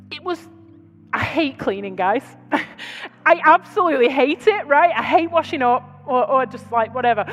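A British woman preaching to her church, telling stories in a chatty, conversational way with quick asides. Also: sits high, a bit bright, big-room sound. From Britain. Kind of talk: sermon. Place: large church hall.

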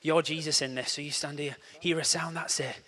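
Young male preacher, playful and animated, high voice with long hall reverb. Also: brisk. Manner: playful, animated, acts out scenes with quoted voices. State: out of breath after a race. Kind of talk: lively sermon with jokes.

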